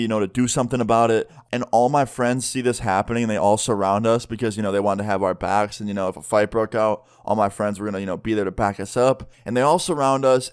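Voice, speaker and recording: Recounting a tale for his vlog, this twenty-something man speaks in a mid-range, clean voice. He keeps it casual, dropping "like" and other fillers constantly.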